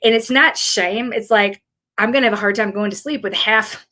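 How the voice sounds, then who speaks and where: A woman's voice: medium pitch, moderate pace, bright, forceful tone. A middle-aged woman from rural Tennessee with a Southern accent, chatting casually and rambling a little as a fitness coach in a live Q&A. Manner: chatty, rambling, self-deprecating.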